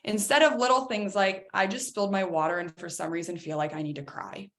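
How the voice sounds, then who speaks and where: A woman hosting a motivational talk on stress, lively and direct, talking straight to her listeners. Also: medium pitch, a little fast. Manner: animated, addresses listeners as guys. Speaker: workshop host.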